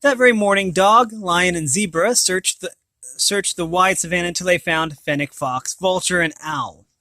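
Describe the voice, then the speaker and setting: A man reads a children's picture book aloud, pausing to point out the pictures and restarting words. His voice is bright and a little high, recorded dry and close. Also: no echo. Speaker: reader of children's books.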